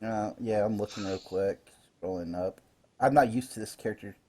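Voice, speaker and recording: Mellow, husky-voiced man running a game. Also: on the low side, normal speed. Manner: chatty, explains rules with fillers and laughs. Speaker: dungeon master. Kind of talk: running a live online tabletop game.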